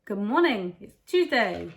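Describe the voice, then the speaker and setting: A woman talks straight to her camera in a casual vlog, chatty and candid. Her pitch sits in the ordinary middle for a woman, and she confides in her viewers as if talking to friends. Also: big pitch swings, a little slow, vocal fry, husky. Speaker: vlogger and mother.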